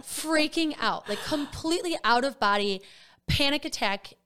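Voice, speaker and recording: A young woman co-hosting a casual podcast, telling stories in an animated way with sudden high jumps. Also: normal speed. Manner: animated storyteller, voice jumps high when excited. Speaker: podcast co-host. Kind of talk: casual chat.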